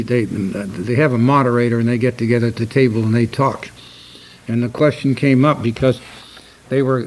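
An older man preaching a sermon, stern and emphatic, slowing down to read scripture aloud. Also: mid-range voice, poor audio.

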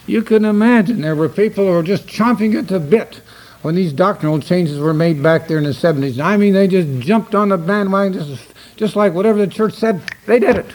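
An older man preaching a sermon, stern and emphatic, slowing down to read scripture aloud. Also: high voice, darkish tone, low-quality recording.

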